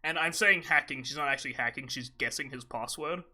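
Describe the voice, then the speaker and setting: A man's voice: mid-range voice, fairly quick, sharp tone. A young man co-hosting a casual gaming podcast, mocking and profane, laughing often. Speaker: podcast host.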